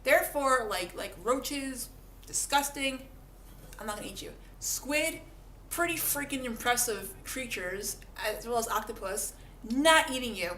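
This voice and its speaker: A woman's voice: on the high side, expressive, a little slow, sharp tone. A woman vlogger talking casually to camera, chatty and self-mocking, often repeating words as she goes. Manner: chatty, self-mocking, acts out little voices for animals. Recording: echoey room, faint background noise.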